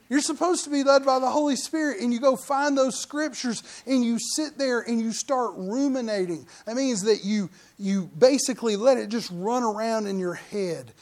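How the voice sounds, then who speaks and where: A middle-aged man preaching a conversational sermon as pastor, breaking into loud mock outbursts now and then. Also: very high-pitched.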